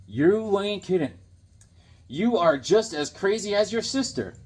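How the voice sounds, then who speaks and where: A man hosting a casual unboxing vlog, talking in an excitable, goofy, joking way. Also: high-pitched, unhurried. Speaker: comics vlogger unboxing a package.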